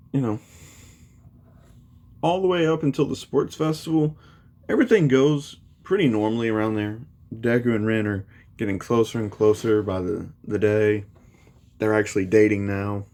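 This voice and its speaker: A man's voice: on the low side, darkish tone. A man casually retelling a fan story, rambling with many fillers.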